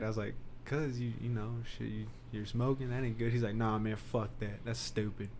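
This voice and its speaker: A man's voice: medium pitch, animated, moderate pace, few pauses, a crowd in the background. A young man hosting a podcast, telling loose, profane stories in casual chat and laughing often. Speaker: podcast host.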